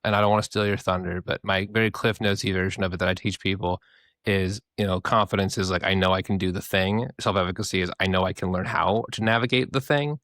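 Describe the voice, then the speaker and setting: Animated, swearing young man. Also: deep voice, fast talker, no room sound, studio quality. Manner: animated storyteller, swears freely, mimics voices. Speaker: podcast co-host. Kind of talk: casual podcast chat.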